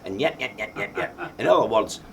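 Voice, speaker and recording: A man's voice: on the low side, expressive, fairly quick, creaky, a little hiss or hum. A middle-aged man with a Glaswegian accent, speaking passionately and emphatically in a post-screening question-and-answer session. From Scotland. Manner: passionate, emphatic, repeats himself. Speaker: film director being interviewed. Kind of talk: Q&A after a film screening.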